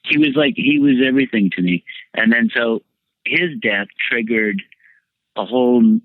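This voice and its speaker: A man, a podcast guest, telling a candid personal story in a lively way, his voice leaping up whenever he quotes himself. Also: normal speed, no room sound. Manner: animated storyteller, jumps high when quoting himself. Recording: dry, tinny phone-like line.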